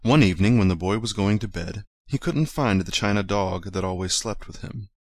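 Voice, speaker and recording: A man reads a children's story aloud in a fairly low, gentle and measured voice. The recording is dry and close, with no room sound. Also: no echo.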